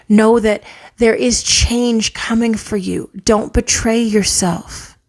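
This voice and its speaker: A woman giving an earnest spiritual tarot reading, a parent who often drops into soft whispers for emphasis. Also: fairly high pitch. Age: adult, parent of a child. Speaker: tarot reader. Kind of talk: spiritual pick-a-card reading.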